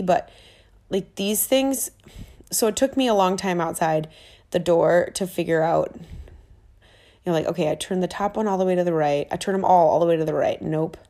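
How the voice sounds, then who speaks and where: Casual female vlogger with a gravelly voice, chatty and eager, talking from a rented flat. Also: lowish voice. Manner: chatty and excitable, lots of fillers. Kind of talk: casual travel chat. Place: rented apartment in a big city.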